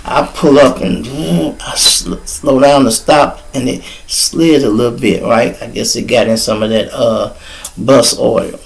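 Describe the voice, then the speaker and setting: A man's voice: medium pitch, fairly even intonation, measured pace, creaky, poor audio. A middle-aged man hosting his own show, telling stories in a loose, profane, chatty way. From Chicago. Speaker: podcast host. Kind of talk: casual storytelling.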